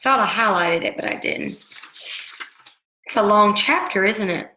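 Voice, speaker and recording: A woman leading a book study group, telling stories in a casual way and reading out passages, with lively shifts into quoted voices. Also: mid-range voice, a little slow, slight background noise, low-quality recording. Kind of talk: casual storytelling and book discussion.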